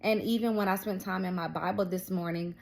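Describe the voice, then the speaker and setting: A woman's voice: lowish voice, fairly even intonation, brisk, vocal fry, darkish tone. A young woman vlogger telling a personal faith story in a casual, chatty way, full of fillers and quoted dialogue. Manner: storytelling with many fillers, quoting others. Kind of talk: casual testimony and encouragement.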